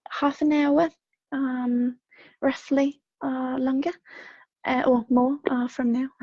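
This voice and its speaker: Gravelly, husky Swedish woman streaming. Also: high voice, no room sound, lo-fi sound. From Sweden. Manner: gentle, rambling, frequent fillers and soft laughs. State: slightly unwell. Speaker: intuitive reader on a livestream. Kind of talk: livestream message reading and chat. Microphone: home streaming microphone.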